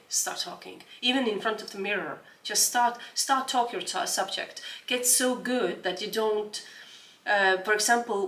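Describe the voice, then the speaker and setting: A woman in her forties talks as a podcast guest, earnest and often restarting mid-phrase as she hunts for English words. She sits well back from the mic in a roomy, echoing space, her voice at an ordinary middle pitch. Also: fairly bright tone. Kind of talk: casual interview chat. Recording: roomy room, distant mic.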